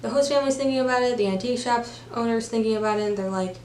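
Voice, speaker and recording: A woman's voice: on the high side, quick pace, darkish tone. A woman reviewing a film, retelling its plot in a chatty, casual way with lots of fillers. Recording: roomy room, faint background noise.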